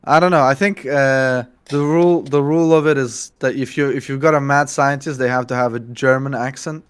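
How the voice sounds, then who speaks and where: A man's voice: mid-range voice, fairly even intonation, fairly quick, clear, resonant tone. A man co-hosting a casual book discussion, talking in a rambling, playful way. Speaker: book podcast co-host and game master.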